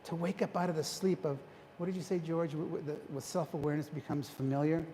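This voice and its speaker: In a church hall with long reverb and faint background noise, a man gives a retreat talk, preaching to a congregation. His voice is warm and fairly high, with fairly even intonation and a quick pace. Engaging, he quizzes listeners and often restarts his sentences.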